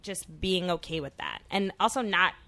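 A woman's voice: on the low side, lively intonation, normal speed, bright, forceful tone. Young adult woman, emotional storyteller, casual co-host. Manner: chatty, emotional, many "like" fillers. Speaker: podcast co-host. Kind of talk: casual chat.

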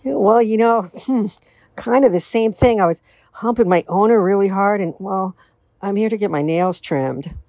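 A woman's voice: medium pitch, normal speed, mellow, no room sound, natural voice. Offhand, smug male dog in a told joke, woman voicing, close dry sound.

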